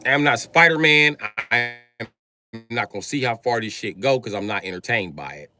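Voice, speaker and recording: A man's voice: fairly low pitch, expressive, brisk, pushed and bright, soft background music. A man hosting a livestream who talks in a heated, crude, combative rant. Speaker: livestream host. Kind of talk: profane live-stream rant. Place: livestream setup.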